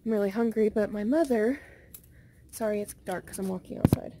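A tired young woman rambling casually to her phone camera in a vlog, sleepy and unhurried. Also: mid-range voice, warm tone. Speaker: vlogger. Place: car, bed, then walking outdoors at night.

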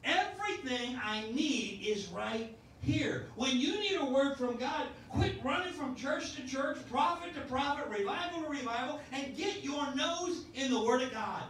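A man in his sixties preaching with a folksy delivery that keeps restarting its sentences. His voice sits unusually high. He sounds far from the mic, and the church rings with a big echo around him. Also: expressive, unhurried, few pauses, a bit bright, slight background noise. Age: 60s. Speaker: pastor. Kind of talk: sermon. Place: church sanctuary. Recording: echoey church sound from a distance.

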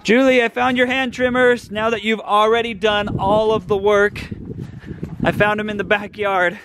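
A man's voice: sits high, level tone, normal speed, noisy background. A man in his thirties, a researcher and family vlogger, chatting easily at home and in the backyard and explaining things with jokes. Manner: easygoing and joking, explains things plainly. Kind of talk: casual chat with explanations.

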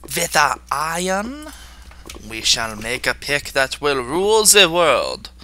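A man's voice: a little high, wildly swooping pitch, slow pace, sharp tone, voice pushed up, full character voice. A man putting on a pompous, grandiose character with a mock German accent.

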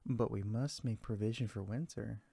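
A man's voice: on the low side, normal speed, gravelly, slightly rough, no echo. A man reading as a greedy, sly storybook cat. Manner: calm, cool storybook delivery.

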